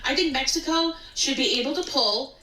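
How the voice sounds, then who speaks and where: A woman with a high, sharp-edged voice rants emphatically, repeating her points. She sounds set back from the mic in a reverberant room. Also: normal speed. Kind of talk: social media rant. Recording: echoey room, voice far from the mic.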